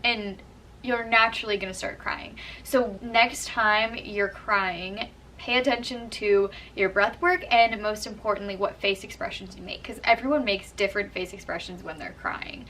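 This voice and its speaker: A woman's voice: medium pitch, moderate pace, sharp tone, recorded from a distance, a little hiss or hum, low-quality recording. A young woman vlogger explaining acting tips in a chatty, earnest way, full of "like" and "kind of". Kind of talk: casual how-to talk to camera.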